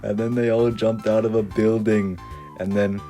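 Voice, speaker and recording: Low mellow-voiced young man telling a tale. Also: flat delivery, normal speed, faint music behind. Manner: rambling, full of "uh" and "and then". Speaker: creepypasta parody narrator. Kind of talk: deadpan comic horror storytelling.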